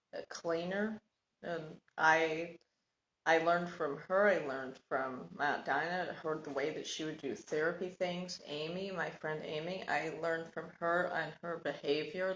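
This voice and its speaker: A woman telling her own life story in a casual, reflective monologue, halting and searching for words. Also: deep voice, a bit bright. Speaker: podcast host sharing personal story. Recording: echoey room.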